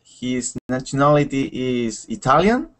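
A man's voice: mid-range voice, big pitch swings, normal speed, a bit bright. A man learning English, answering in hesitant, tentative sentences. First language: Spanish. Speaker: language student.

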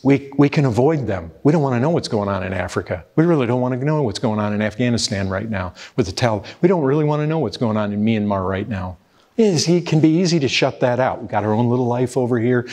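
Male preacher with a husky, mid-pitched voice who delivers an urgent, pleading sermon. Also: darkish tone. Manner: pleading, urgent, repeats "brethren". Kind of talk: fervent sermon.

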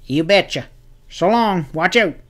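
Male narrator puts on a jittery older frontier gossip, pitched up and loud, rushing news in a folksy drawl. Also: lively intonation. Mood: alarmed.

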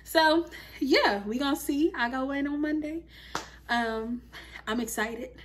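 A woman in her thirties chatting casually in a home vlog, animated and talkative, full of fillers like "like" and "you feel me". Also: high voice, measured pace. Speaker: lifestyle vlogger.

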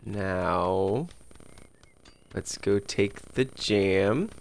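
Style: gravelly, playful gameplay commentary by a man. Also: lowish voice, very slow. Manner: playful, teasing, chuckles often. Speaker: let's play gamer.

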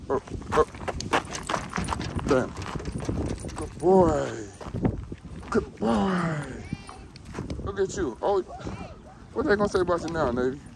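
A man vlogging at a dog park, giving playful commands and praise to his dog in a joking, casual way. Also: medium pitch. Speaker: dog owner and trainer vlogger. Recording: outdoor noise, loud background.

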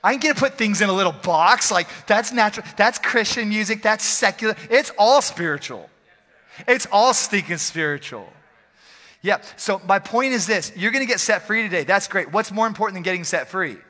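Bright-voiced male pastor, echoing hall. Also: high-pitched, normal speed. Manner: energetic, joking, repeats phrases for emphasis. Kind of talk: lively conversational sermon. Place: church sanctuary during a service. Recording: long hall reverb from a church.

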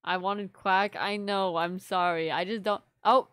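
A woman's voice: mid-range voice, fairly even intonation, unhurried, a bit bright, smooth, no room sound, clean studio sound. A young woman live-streaming to her viewers in casual chat, rambling and apologetic, full of fillers. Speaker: livestreamer.

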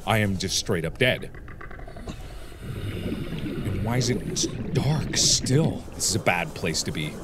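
Over loud music, a man in his twenties hosts a let's play in a low voice with lively intonation, a slow pace, and frequent pauses. His excitable commentary is jokey and full of swearing, with yelps of surprise and chatter aimed at the game's creatures.

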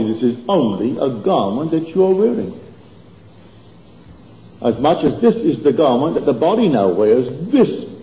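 A man lectures on spiritual matters in a very dark, mellow voice, his pitch leaping and falling with emphasis. The sound is dull and lo-fi like an old archival tape, with a long hall reverb and faint hiss behind him. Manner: emphatic, swooping delivery with sudden rises and drops.

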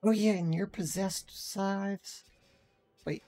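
A woman's voice: lowish voice, moderate pace, a little mellow, soft background music. A woman VTuber streaming a game live, reacting with frustrated swearing and chatting with her viewers. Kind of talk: live gameplay commentary.

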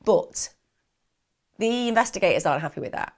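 Lively woman narrating true crime. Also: medium pitch, normal speed. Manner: animated, chatty, addresses viewers directly.

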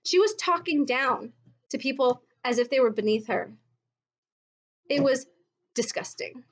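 A woman with a fairly high voice talks straight to camera in a casual commentary video. She is blunt and exasperated and drops in mocking asides. She is recorded at home. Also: animated, a little slow. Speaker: vlogger recounting her MLM experience.

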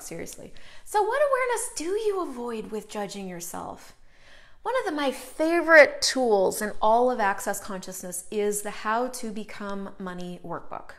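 A middle-aged woman hosting a live stream, talking casually and greeting viewers by name as she goes. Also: medium pitch. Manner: chatty, greets viewers by name mid-sentence.

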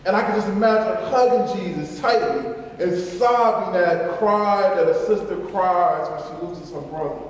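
A man's voice: high voice, a little mellow, a little hiss or hum. A man preaching a sermon as pastor, emphatic and repetitive, in a large church. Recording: echoey church hall from far off.

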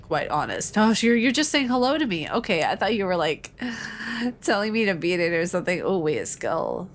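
A woman's voice: medium pitch, big pitch swings, moderate pace. A young woman hosting a let's-play, chatting playfully with her viewers as she plays. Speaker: gaming channel host. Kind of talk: casual let's-play commentary.

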